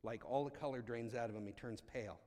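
A man's voice: mid-range voice, quick pace. A man telling a story aloud, acting out the dialogue with lots of restarts. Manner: animated, acts out dialogue, frequent restarts. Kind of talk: storytelling talk. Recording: long hall reverb.

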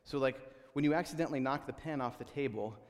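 A man's voice: mid-range voice, fast talker, long reverb tail. A man preaching a sermon as a pastor, conversational and full of restarts, acting out the people he quotes.

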